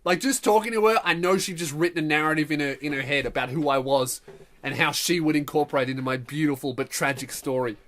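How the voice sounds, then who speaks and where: A young male comedian and podcast host telling a comic story, animated, sarcastic and profane. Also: a little high, quick pace.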